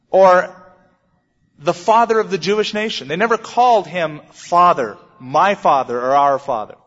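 A man preaching a sermon in an emphatic style with dramatic pauses. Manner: emphatic, dramatic pauses, lively swings in pitch. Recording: dull sound with long hall reverb.

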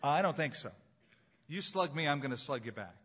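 A man preaching a sermon as pastor, emphatic and slowing down to stress key phrases. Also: fairly high pitch, lively intonation, a bit bright, husky, muffled recording.

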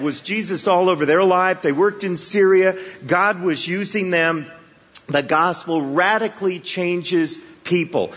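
This man has a high-pitched voice with a fairly bright tone and a breathy edge. He's a guest preacher from around Chicago, telling humorous stories in a conversational sermon and asking his listeners rhetorical questions, all recorded with dull sound in a hall full of echo.

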